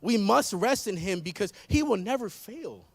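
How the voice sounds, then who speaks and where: A man in his thirties preaches with a high voice that catches into a gravelly fry. He builds through repeated phrases with emphatic force, and the sound is dry and close with little room around it. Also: animated, normal speed, dry recording. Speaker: pastor. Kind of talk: sermon. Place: church.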